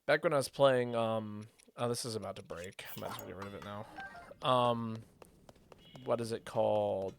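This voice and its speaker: A man's voice: fairly low pitch, moderate pace, creaky, slight background noise. A young man streaming a video game, giving rambling, chatty commentary full of fillers. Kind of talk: casual gaming commentary. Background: faint game music.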